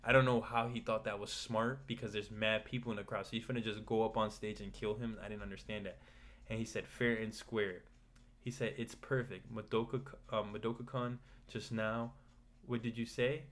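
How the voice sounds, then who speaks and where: A man's voice: on the low side, moderate pace. Rambling man recapping manga chapters. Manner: rambling, restarts, paraphrases characters in a flat retelling. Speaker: manga commentator.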